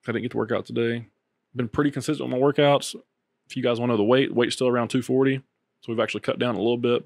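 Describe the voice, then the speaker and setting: A man's voice: medium pitch, creaky, no room sound, clean studio sound. A man co-hosting a podcast, chatting casually and recapping stories with plenty of filler words. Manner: relaxed storytelling with filler words. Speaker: podcast co-host. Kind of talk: casual chat.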